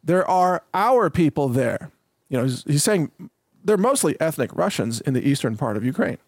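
A man's voice: on the high side, sing-song, normal speed, no room sound, clean studio sound. A man giving solo political commentary, reading out quotes and paraphrasing them in an emphatic, conversational way with frequent fillers.

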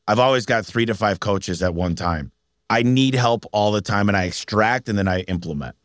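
A man with a lowish voice tells stories as a business owner being interviewed. He is energetic and animated, slipping into the voices of the people he quotes. The sound is close and dry. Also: moderate pace, dry recording. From Michigan. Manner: energetic, animated storyteller who acts out quotes. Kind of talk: casual storytelling interview.

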